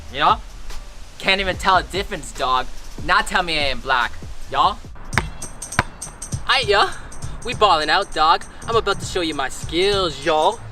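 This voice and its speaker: A man's voice: sits high, bright, forceful tone, full character voice. A young man playing a white teenage boy who poses as a street thug, slangy and swaggering. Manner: slangy, swaggering, calls everyone dog and G. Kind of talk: comedy sketch.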